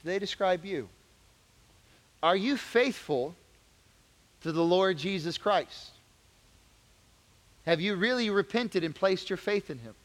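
Animated man preaching in a reverberant hall. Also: high-pitched, slow, pauses often. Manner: animated, conversational, rising to emphatic questions. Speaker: youth pastor. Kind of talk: youth group Bible lesson.

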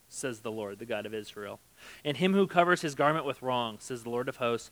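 A man's voice: mid-range voice, animated, brisk, fairly bright tone, rough recording. A man preaching a sermon in a conversational way, reading scripture aloud and acting out the quotes. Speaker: pastor.

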